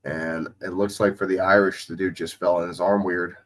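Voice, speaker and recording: A man's voice: sits low, moderate pace. A man with a slight Southwest Ohio drawl who is getting over a cold, doing casual, profane play-by-play and chatting as a streamer. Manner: casual and profane, calling plays excitedly. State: recovering from a cold. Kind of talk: casual play-by-play commentary and chat.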